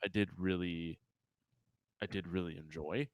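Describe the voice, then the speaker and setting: A man's voice: sits low, steady tone, a little slow, no echo, studio quality. A man co-hosting a podcast, chatting casually and laid-back about a film he enjoyed. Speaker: podcast co-host. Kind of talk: casual film review chat.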